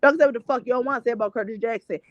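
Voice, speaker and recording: A woman's voice: on the high side, rapid-fire. Blunt, foul-mouthed woman host. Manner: blunt and profane, rambling restarts. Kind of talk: casual celebrity gossip chat. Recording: dull lo-fi dry sound.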